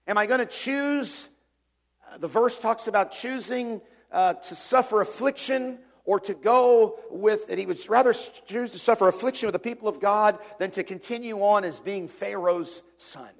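Man, pastor preaching a sermon, earnest, fairly high voice. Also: moderate pace. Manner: earnest preaching, rising to emphatic then dropping quiet and reflective.

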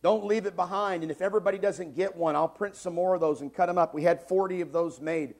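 A man's voice: sits high, fairly even intonation, fast, vocal fry. Emphatic man in his forties preaching. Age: 40s. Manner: emphatic preaching, repeats key phrases, shifts between loud and soft. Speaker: pastor. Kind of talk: sermon. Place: church sanctuary.

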